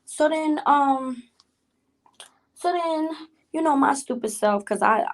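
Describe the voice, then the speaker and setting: A woman's voice: sits high, slow pace. A woman hosting a casual storytime vlog, chatty and repetitive, who keeps addressing her viewers directly and greets live chat mid-story. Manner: chatty, repeats herself, addresses viewers as y'all. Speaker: vlog host telling a story.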